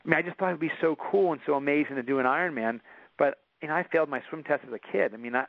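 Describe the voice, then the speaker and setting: A man's voice: on the high side, racing, vocal fry, no echo. A man as an interview guest, telling a personal story in earnest with frequent restarts. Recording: dull dry recording.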